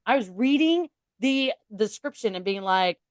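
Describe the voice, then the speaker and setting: A woman's voice: medium pitch, expressive, moderate pace, no echo. A woman co-hosting a podcast, talking in a rambling, chatty way and often breaking off mid-sentence. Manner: rambling, chatty, self-interrupting. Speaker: podcast co-host. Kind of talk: casual podcast chat.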